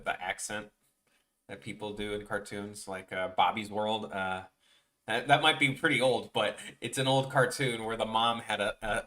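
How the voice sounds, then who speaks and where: A young man with a Chicago accent chats casually with viewers on his drawing livestream, rambling and restarting often. His voice is on the low side, pushed and bright.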